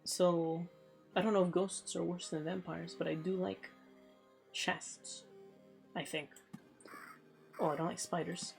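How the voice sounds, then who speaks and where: Gravelly-voiced woman musing over a game. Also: lowish voice, flat delivery, unhurried, pauses often, faint music behind. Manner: thinks aloud, rambling and offhand. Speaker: streamer. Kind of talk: casual let's play commentary.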